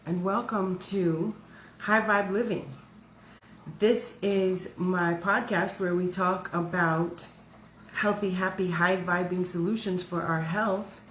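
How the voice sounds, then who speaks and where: A woman hosting a wellness podcast, talking in an affectionate, soothing way as she leads listeners into a calming breathing exercise. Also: mid-range voice, reverberant, slight background noise, poor audio. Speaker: podcast host.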